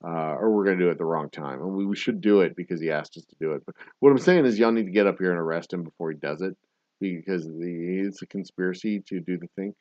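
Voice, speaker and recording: Man putting on a low, hushed, stammering hotel desk clerk on the phone, lo-fi and dry. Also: fast talker, no room sound, lightly acted. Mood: earnest. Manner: rambling, stammering phone talk. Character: flustered male hotel front desk clerk. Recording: dull dry lo-fi recording.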